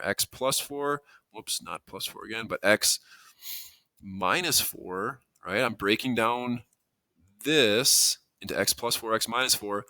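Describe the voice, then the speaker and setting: A man's voice: on the low side, pushed and bright, no echo. A man teaching a math lesson, explaining steps in a conversational way, thinking aloud and correcting himself as he goes. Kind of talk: classroom lesson walkthrough.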